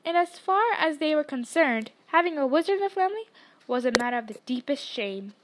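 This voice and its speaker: Woman audiobook reader, high-pitched, expressive storytelling. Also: fairly quick, noisy background. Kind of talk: reading a novel aloud.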